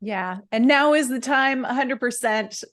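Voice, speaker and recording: Lady host with a higher voice, upbeat salesy chat. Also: measured pace, fairly bright tone. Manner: upbeat sales-pitch delivery. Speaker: podcast host. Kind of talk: promotional interview chat.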